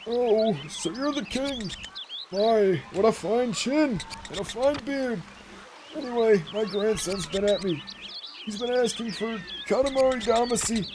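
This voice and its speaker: A man's voice: high voice, animated, unhurried, noisy background, pitched above the performer's own voice. A man voicing a chatty old grandpa who dotes on his grandson, reading game dialogue aloud. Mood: doting.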